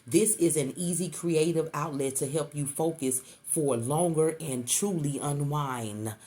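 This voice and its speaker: A warm-toned, low-sitting woman's voice moves at a measured pace. The middle-aged tarot reader gives the viewer an intuitive reading, coaxing and repetitive, and she calls the listener baby.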